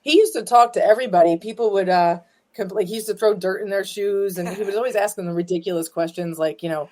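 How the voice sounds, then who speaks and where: In a casual storytelling interview, a woman who is the granddaughter of a former ballplayer shares family stories, chatty and rambling with plenty of fillers and restarts. She talks quickly in a warm, mid-range voice.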